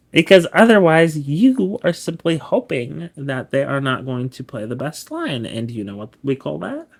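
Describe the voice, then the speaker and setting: A man's voice: mid-range voice, gravelly, a bit bright. A man giving casual chess study commentary, laid-back and explanatory, often correcting himself as he goes. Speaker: chess streamer.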